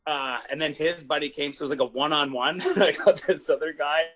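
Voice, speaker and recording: A man who is a comedian guest telling rowdy stories in casual chat, animated and swearing, often laughing. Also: a little high, fairly quick. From Canada. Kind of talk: casual storytelling.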